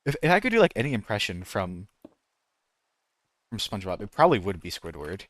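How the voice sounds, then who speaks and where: A man's voice: fairly low pitch, sing-song, a little fast, long pauses, fairly bright tone, no room sound. A man streaming a game and chatting casually, rambling and breaking off to try voice impressions. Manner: rambling, self-interrupting, tries out voice impressions. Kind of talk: casual gaming stream chat.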